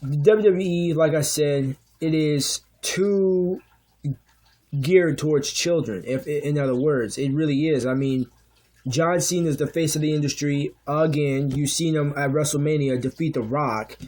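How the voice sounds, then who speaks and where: Young man, unscripted rant, heated, swearing, frequent restarts, slightly high voice. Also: unhurried, darkish tone. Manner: heated, profane, restarts often. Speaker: vlogger.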